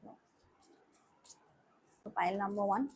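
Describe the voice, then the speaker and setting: A woman's voice: mid-range voice, unhurried, a little mellow, slight background noise, rough recording. A young woman with an Indian accent giving a spiritual reading to viewers, mixing English and Hindi in an earnest, reassuring way. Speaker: tarot reader.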